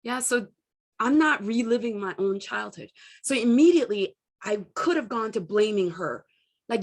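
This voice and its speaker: A woman's voice: on the high side, moderate pace. A middle-aged woman giving a candid self-help talk as a coach, telling personal stories and acting out what people said. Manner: candid, storytelling, animated quoting.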